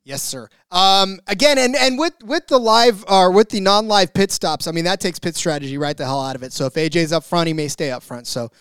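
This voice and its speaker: A man co-hosting a sports betting podcast, excitable as he reads out bet lists, stammering at times. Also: high voice, a little fast, hardly any pauses, smooth, dry recording, clean studio sound. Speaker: podcast co-host. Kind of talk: casual sports betting chat.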